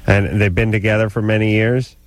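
A man's voice: fairly low pitch, fairly even intonation, brisk, no room sound. A man hosting a radio call-in advice show, crude and teasing with callers.

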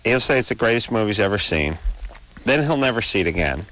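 A man's voice: fairly low pitch, lively intonation, fast, fairly bright tone. A man hosting a late-night radio call-in show from a studio, with brash, crude, joking banter.

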